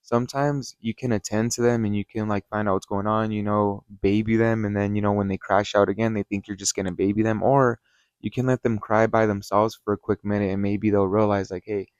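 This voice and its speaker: Low-voiced guy ranting through a story-time review, dry close sound, swears a lot, rambly. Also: little pitch movement, fairly quick, darkish tone, clear, resonant tone, dry recording, lo-fi sound. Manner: rambling and heated, with frequent swearing and "you know". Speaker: channel host.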